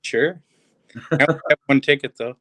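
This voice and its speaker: A man's voice: medium pitch, normal speed, fairly bright tone. A man from northern Michigan chatting casually as a guest on a video call, giving short, easygoing answers. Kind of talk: casual chat.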